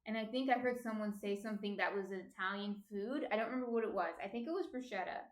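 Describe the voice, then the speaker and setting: A woman's voice: mid-range voice, fast. Chatty New Jersey woman streamer. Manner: chatty, reads viewer comments aloud. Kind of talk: casual chat while baking. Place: home kitchen. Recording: echoey room.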